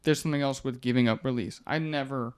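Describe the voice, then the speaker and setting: A man in his twenties, an MMA fighter guest on a podcast, telling stories in a loose, animated way, laughing often and swearing casually. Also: medium pitch, quick pace, clear, resonant tone. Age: 20s.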